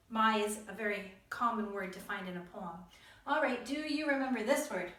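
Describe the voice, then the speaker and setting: A woman's voice: a little high, fairly bright tone, echoey room, recorded from a distance. A woman teaching young children to read, patient and encouraging, spelling out words letter by letter. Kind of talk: reading lesson for young children.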